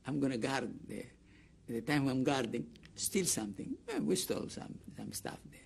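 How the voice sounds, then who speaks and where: A man's voice: medium pitch, animated, moderate pace, vocal fry, a little hiss or hum. An older man with a Greek accent giving an oral history interview, rambling through a story with restarts and acting out the people he quotes. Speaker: interviewee, camp survivor.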